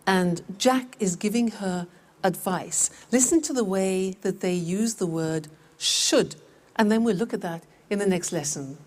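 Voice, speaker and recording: A woman teaching English vocabulary, repeating words slowly and clearly for learners. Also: mid-range voice. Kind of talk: slow, clear language lesson.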